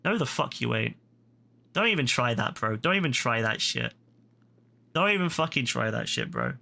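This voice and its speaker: A man's voice: medium pitch, wildly swooping pitch, moderate pace, vocal fry, pushed and bright. A British man livestreaming a game, ranting heatedly at a viewer in chat, profane and repetitive. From Britain. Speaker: gaming livestreamer. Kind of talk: angry rant at a chat viewer.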